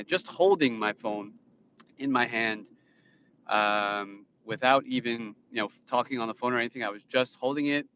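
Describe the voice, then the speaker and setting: Behind the wheel, the livestreamer from New Jersey chats casually and rambles in reply to viewers, his accent clear in a mid-range voice that comes across pushed and bright. The recording, made on a dashboard-stand phone in a dry car, is dull and lo-fi with slight background noise.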